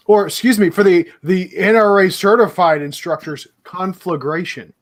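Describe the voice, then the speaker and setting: A man co-hosting a casual podcast with a voice that sits clearly high for a man. He talks in a joking, wordy way and plays around with language. He adds quick asides to the conversation.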